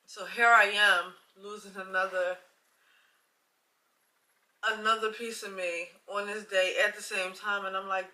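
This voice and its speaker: A woman in her late thirties telling a personal story in a casual, chatty way. She acts out both sides of conversations and swings between loud and hushed. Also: medium pitch, steady tone, measured pace. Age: late 30s. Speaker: vlogger sharing a personal testimony.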